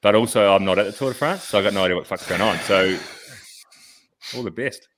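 Man, low voice, brash and sweary podcast host. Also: fast, fairly bright tone. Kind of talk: casual podcast chat.

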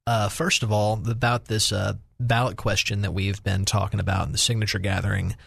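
A man's voice: on the low side, level tone, fairly quick, vocal fry, fairly bright tone, breathy edge, no echo, studio quality. A man, an attorney on a radio talk show, explaining legal advice step by step. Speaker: attorney guest.

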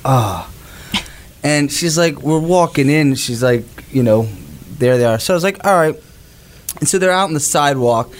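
A man with the flu, sucking a cough drop, telling a rambling anecdote on a podcast as a reporter, slipping in quoted asides. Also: medium pitch. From Florida Gulf Coast. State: sick with flu. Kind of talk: casual podcast storytelling.

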